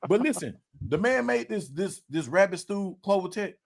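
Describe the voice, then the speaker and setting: A man, hosting a casual podcast and telling an animated story, repeating words and swearing as he acts out quotes. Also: high voice, normal speed, gravelly. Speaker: podcast host.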